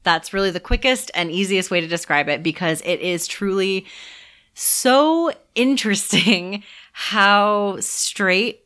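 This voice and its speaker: A woman's voice: medium pitch, takes it slowly, fairly bright tone, clear, resonant tone. A woman co-hosting a film podcast, talking enthusiastically in casual discussion and often laughing. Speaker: podcast co-host.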